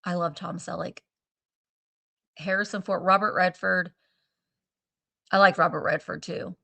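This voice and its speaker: A woman's voice: lowish voice, steady tone, unhurried, creaky, bright, forceful tone. A woman hosting a casual live stream, chatting in a rambling way and trailing off as she hunts for names. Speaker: live-sale stream host. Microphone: streaming setup.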